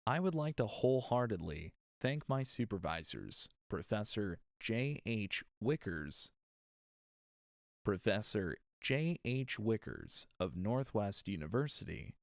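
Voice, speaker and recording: A man's voice: lowish voice, big pitch swings, gravelly, dry recording, studio quality. A man recording an audiobook on a livestream, reading with retakes and chatting with exasperated asides in between. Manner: reads slowly with retakes, chats with exasperated asides. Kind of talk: casual livestream chat between reading takes.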